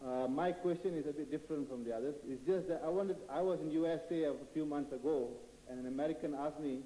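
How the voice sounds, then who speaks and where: Halting man asking a question in a hall. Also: fairly high pitch, mellow. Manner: halting, many fillers and restarts. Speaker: audience member asking a question. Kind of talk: hesitant questioning. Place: large auditorium. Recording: echoey hall.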